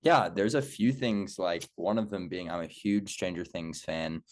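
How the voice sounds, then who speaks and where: A young man with a deep, low voice chats as a podcast guest. He talks in a relaxed, casual way, hedging with plenty of "like" and "um". His delivery stays loose and conversational. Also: measured pace. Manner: casual, lots of "like" and "um", unsure.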